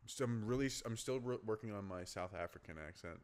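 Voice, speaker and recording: A man's voice: lowish voice, fast talker. A man hosting a podcast, chatting casually, laughing easily and talking about doing accents. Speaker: podcast host.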